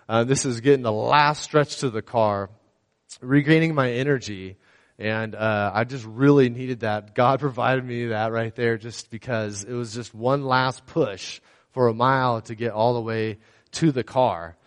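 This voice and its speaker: A man's voice: medium pitch, gravelly. A young man sharing a casual personal faith testimony, rambling and storytelling with many fillers. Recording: long hall reverb.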